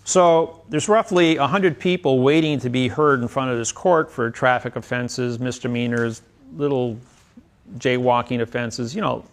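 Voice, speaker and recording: A man's voice: medium pitch, normal speed. A man speaking as a seminar speaker, telling rambling anecdotes packed with legal citations. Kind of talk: storytelling lecture.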